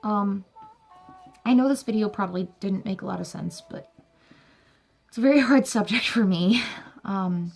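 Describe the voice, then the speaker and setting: A woman's voice: medium pitch, moderate pace, creaky, long pauses. A young woman talking earnestly to camera, sharing a personal story and encouraging her viewers with faith-filled words. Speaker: vlogger. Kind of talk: heartfelt personal talk to camera.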